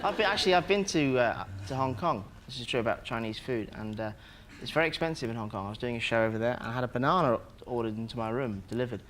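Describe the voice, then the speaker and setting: Loud laughter from a studio audience fills the background as a comedian guest on a TV chat show rattles off comic stories. He talks fast with few pauses in a medium-pitched voice, joking and acting out small scenes, and there's background noise.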